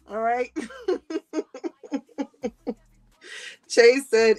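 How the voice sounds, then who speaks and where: A woman hosting a casual livestream, reading viewer comments aloud. She talks in an animated, slangy way, laughs often and swears freely. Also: on the high side, measured pace. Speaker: livestream host.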